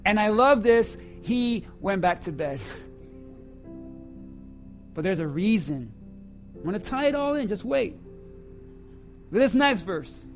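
A man preaching a sermon to his church, swinging between loud emphasis and hushed asides. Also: sits high, sing-song, a little slow, long pauses, soft background music. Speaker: pastor.

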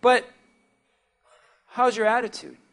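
A man with a strikingly high voice preaches a sermon from the pulpit. He pulls the congregation into call-and-response and swings between hushed asides and shouted peaks. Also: slow, creaky. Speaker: pastor.

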